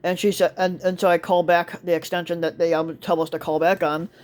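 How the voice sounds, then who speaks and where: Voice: mid-range voice, little pitch movement, brisk. A store cart attendant telling a work story in a casual monologue, rambling with lots of fillers, restarts and swearing.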